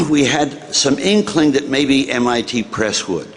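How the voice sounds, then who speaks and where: An older man from the United States, a former senator, telling an animated story to an audience and acting out the dialogue. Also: mid-range voice, unhurried, a little hiss or hum. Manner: animated, acts out dialogue, chuckles at own story.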